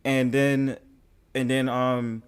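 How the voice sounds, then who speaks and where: Guy hosting a stream panel, mid-pitched voice, loose and sweary. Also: slow, smooth. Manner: animated, profane, laughing. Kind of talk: casual livestream chat.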